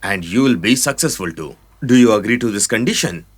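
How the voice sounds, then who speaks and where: A man's voice: fairly low pitch, lively intonation, brisk, slightly rough. A man voicing a brusque, short-tempered company boss in a dubbed film, giving orders. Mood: scheming. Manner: bossy, curt.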